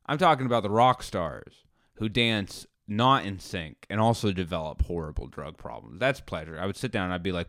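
A middle-aged man hosting a podcast, delivering an animated comedic monologue and acting out scenes in dialogue. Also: sits low, moderate pace, dry recording, clean studio sound. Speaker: podcast host.

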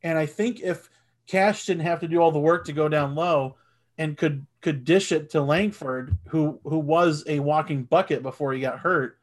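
A man in his thirties co-hosting a casual sports podcast, animated and swearing, and he gets loud when excited. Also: fairly high pitch, normal speed. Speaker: podcast co-host.

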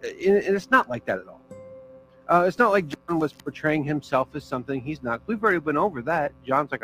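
A male pastor gives his sermon in a loose, chatty way, full of asides, fillers and little jokes. His voice sits a bit high for a man, and soft music plays faintly behind him. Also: lively intonation, fairly quick, poor audio. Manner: casual, conversational preaching with filler words and jokes.

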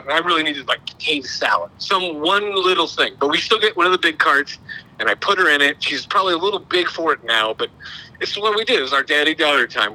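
A man's voice: a little high, pushed and bright, rough recording. A middle-aged man, telling a long, rambling, self-deprecating story in casual podcast chat. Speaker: podcast co-host.

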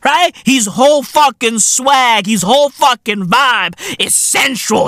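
A man with hosting a comedy podcast, giving a profane monologue full of "bruv" and "innit" and shouting some bits. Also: very high voice, slow, few pauses, dry recording. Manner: profane slangy banter, frequent "bruv" and "innit".

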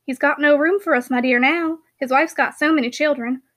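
A woman reading the lines of a frightened, loving mother in an audiobook, soft and anxious, in her own high, bright voice. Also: fairly even intonation, a little fast. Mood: anxious tender.

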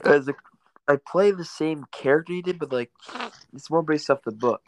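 A man's voice: fairly high pitch, normal speed, dry recording, poor audio. A man in casual chat, talking bluntly and crudely, swearing freely and correcting others drily. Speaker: stage actor guest.

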